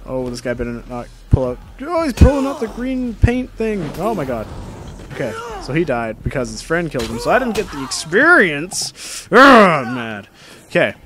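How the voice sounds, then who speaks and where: A young man giving casual, rambling let's-play commentary into a desk microphone, full of joking asides. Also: mid-range voice. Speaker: gameplay commentator.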